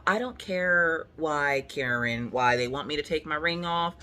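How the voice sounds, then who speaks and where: A woman's voice: deep voice, brisk, hardly any pauses, bright, forceful tone. A young adult woman in a casual at-home chat, telling a story in a dramatic, comic way and acting out the people in it. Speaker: craft vlogger. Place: at home on a couch.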